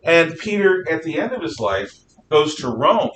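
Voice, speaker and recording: Man, animated classroom lecture, bright tone, lively pitch, distant mic with faint rumble. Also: normal speed. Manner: animated, acts out dialogue with shifting voices. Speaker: teacher. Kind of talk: classroom lecture retelling Bible stories.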